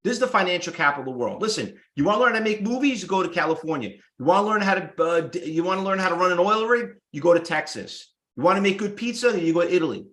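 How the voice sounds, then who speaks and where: A man's voice: sits high, expressive, fast, few pauses, a bit bright, echoey room. A man teaching stock trading to a live class, blunt and salesy, firing off rhetorical questions. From United States. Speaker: trading instructor. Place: room with live students.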